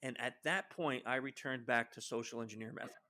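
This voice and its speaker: Man, podcast guest, animated storyteller, acts out quotes, many fillers and restarts, mid pitch. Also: a little fast. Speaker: guest social engineer.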